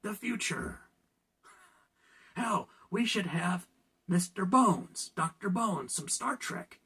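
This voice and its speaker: A man's voice: high voice, animated, takes it slowly, sharp tone, slightly rough. A man from California ranting in a casual opinion vlog, sarcastic and laughing at his own jokes. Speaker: vlogger.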